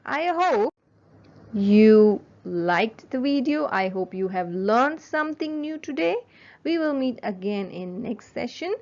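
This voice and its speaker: Female teacher, phonics lesson for kids, very slow and lively in pitch, dull lo-fi audio. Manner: slow, patient, sounding words out.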